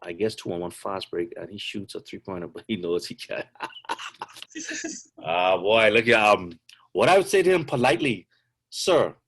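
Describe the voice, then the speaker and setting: A man's voice: low-pitched, sing-song, quick pace, gravelly, hardly any pauses, breathy edge. A middle-aged man, a basketball coach, answering questions on a video call in a chatty, joking way.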